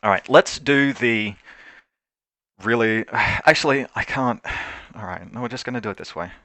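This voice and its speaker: A man's voice: mid-range voice, moderate pace, sharp tone, dry recording. A man playing a tabletop wargame over a call, thinking aloud through his moves and often correcting himself. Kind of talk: casual game commentary. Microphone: remote call.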